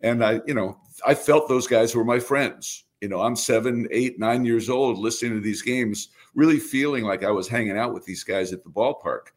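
A man's voice: medium pitch, normal speed, few pauses. An older man from Brooklyn, a baseball broadcaster speaking earnestly as an interview guest. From Brooklyn, New York. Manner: reflective, earnest, many restarts. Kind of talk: conversational interview.

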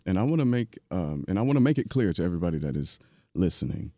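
A man hosting a podcast, talking in an animated, preachy way and often repeating himself. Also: deep voice, quick pace, no echo, studio quality. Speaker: podcast host. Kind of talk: casual podcast interview.

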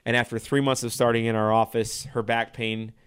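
A man who works as a chiropractor, giving an energetic health talk with many repeated words and restarts, often checking in with "right?". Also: mid-range voice, brisk, clean tone. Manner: energetic, keeps asking "right?"; repeats himself, frequent restarts.

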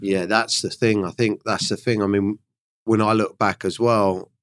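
Low-voiced, sweary male podcast host. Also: normal speed. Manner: blunt, sweary, relaxed questioning. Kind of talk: casual interview chat.

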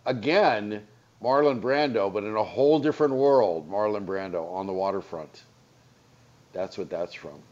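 Low-voiced male radio host, lo-fi. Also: normal speed, a little mellow. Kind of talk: casual talk radio chat.

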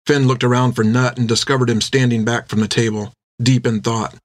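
A man narrating an adventure audiobook with steady storytelling. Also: mid-range voice, brisk, dry recording, clean studio sound.

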